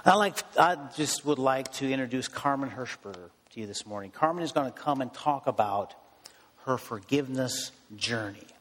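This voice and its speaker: A man's voice: medium pitch, animated, moderate pace, fairly bright tone, in a large hall. A man preaching a sermon as pastor, in an earnest, repetitive preaching manner.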